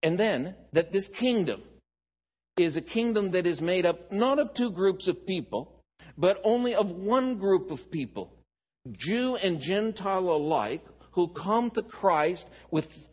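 A man preaching a slow, deliberate Bible teaching sermon, asking rhetorical questions and answering them. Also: a little high, husky, in a large hall.

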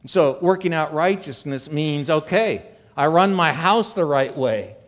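A male pastor preaching a sermon in a church room, swinging between loud, emphatic stretches and quiet asides, and slowing down to read scripture deliberately. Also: a little high, expressive. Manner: reads scripture slowly and deliberately.

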